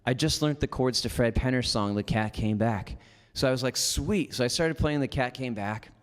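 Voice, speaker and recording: Speaking at normal speed and medium pitch, a Canadian man delivers a storytelling keynote to an audience in a large hall, where a long reverb tail follows his voice. He's a lively motivational speaker who leans heavily on "like" as a filler.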